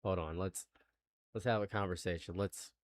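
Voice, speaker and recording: A man's voice: low voice, fairly even intonation, moderate pace, slight background noise. A man streaming live commentary, stammering through restarts and building into exasperated rants.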